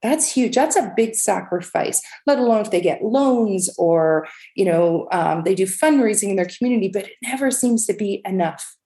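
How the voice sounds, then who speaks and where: A woman's voice: medium pitch, animated, moderate pace, hardly any pauses, mellow. A middle-aged woman, a charity leader, telling a moving story in a podcast interview, earnest and emotional, with fillers and restarts. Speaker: charity CEO, interview guest. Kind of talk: conversational storytelling.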